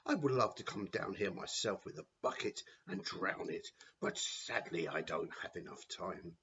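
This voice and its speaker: A man voicing a cruel, scheming hospital matron, shrill and gloating in storybook reading. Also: expressive, normal speed, a bit bright, highs cut off, a little hiss or hum.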